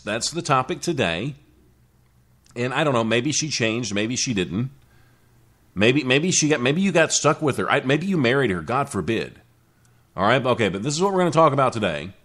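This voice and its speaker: A male radio talk show host speaking in a casual solo monologue, rambling and often restarting his sentences. His pitch moves around a lot, rising and falling as he talks. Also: a bit bright. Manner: rambling, self-correcting, with frequent restarts.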